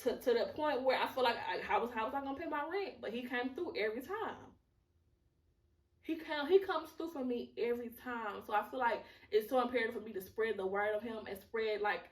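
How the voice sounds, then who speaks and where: A woman's voice: a little high, fairly bright tone, distant mic. Candid, emotional woman podcaster, echoey room. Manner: candid and emotional, swears freely, many "like" fillers. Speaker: podcast host. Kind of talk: personal testimony monologue.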